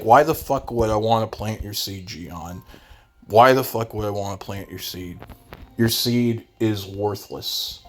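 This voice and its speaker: A young man ranting sarcastically in a casual gaming commentary vlog, swearing freely. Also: mid-range voice.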